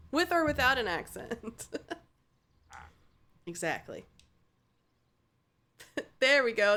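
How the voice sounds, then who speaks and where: A woman's voice: on the high side, big pitch swings, slow pace, long pauses, bright, forceful tone. Giggly, playful woman streamer. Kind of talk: casual game commentary.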